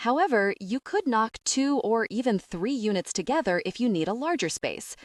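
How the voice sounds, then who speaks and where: A woman voicing a calm, dry-witted male architect who speaks politely and deadpan. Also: fairly high pitch, normal speed, no room sound, far from the mic, voice pushed up.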